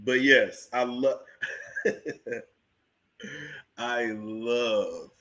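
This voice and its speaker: A man's voice: medium pitch, extremely slow, sharp tone. A man hosting casual gossip commentary, chatting to his viewers and laughing often. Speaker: celebrity gossip host.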